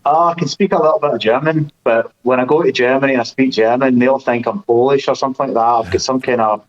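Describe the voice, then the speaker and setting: A man with a Scottish accent, a guest in a casual conversation, speaking slowly and deliberately. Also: mid-range voice, muffled recording. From Scotland. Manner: talks slowly and clearly on purpose.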